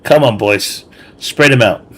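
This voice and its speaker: Brief: chatty male gamer, bright forceful voice, jokes and laughs through his commentary. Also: mid-range voice, a little slow, husky. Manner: joking, laughs often. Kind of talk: casual gameplay commentary.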